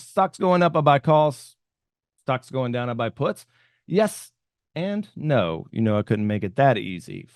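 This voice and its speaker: A man talks through investing ideas on a podcast at an easygoing pace, thinking out loud and letting his sentences fade at the end. His voice sits in an ordinary middle range. The recording is dry and close, with no room sound. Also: medium pitch, very animated, a little slow, no echo. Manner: conversational, thinking aloud, trailing off softer at the ends of points. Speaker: podcast co-host explaining options trading. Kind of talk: casual explanatory podcast talk.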